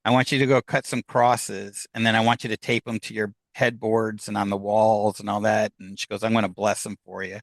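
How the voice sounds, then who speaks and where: Animated man telling a story, dry sound. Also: lowish voice, a little fast, hardly any pauses, no room sound, poor audio. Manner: animated, acts out quoted dialogue, laughs between lines. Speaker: podcast guest. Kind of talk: casual storytelling.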